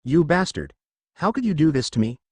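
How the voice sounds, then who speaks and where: A raging young devil heir, as a man puts him on, bellowing and screeching with fury in a lively, swooping voice. The sound is dry and close. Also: fairly high pitch, brisk, slightly rough, no echo. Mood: furious. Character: enraged scheming young male devil heir.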